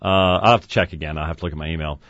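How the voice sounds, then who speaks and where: A man's voice: deep voice, no room sound. A man hosting a call-in webcast in a studio, talking casually with sarcastic asides. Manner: sarcastic, lively, quick asides and chuckles. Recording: dull dry studio sound.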